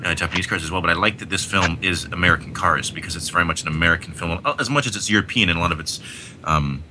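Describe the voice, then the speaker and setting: A man's voice: deep voice, fast, noisy background. A man talking about movies in a casual podcast chat, enthusiastic and rambling, often restarting his sentences. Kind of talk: casual film discussion.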